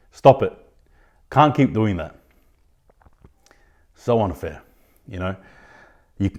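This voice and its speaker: A man hosting his own rugby league podcast, giving indignant opinions in a ranting style, with sudden loud outbursts of disbelief. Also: lowish voice. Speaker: podcast host. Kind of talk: opinionated sports commentary.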